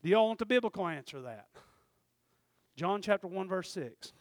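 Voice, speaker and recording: A man preaching a sermon, telling a folksy story and building to loud, fervent exhortation. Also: high voice, expressive, moderate pace, no room sound. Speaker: pastor.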